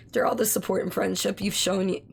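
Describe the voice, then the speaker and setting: A woman streamer in casual live-stream chat, with a hoarse, strained voice, who swears freely and talks back to her chat. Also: mid-range voice, slight background noise. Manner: chatty, swears freely, reads chat aloud.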